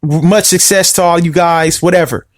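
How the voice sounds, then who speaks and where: A man's voice: a little high, steady tone, moderate pace, dry recording, clean studio sound. A man hosting a casual solo podcast, rambling, repeating himself and often asking "you see what I mean?". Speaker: podcast host.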